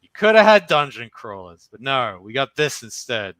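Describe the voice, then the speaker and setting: A man's voice: normal speed, dry recording. A man in casual podcast chat, ranting animatedly with lots of swearing. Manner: animated, swearing, jumps into mocking high voices when quoting. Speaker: podcast co-host.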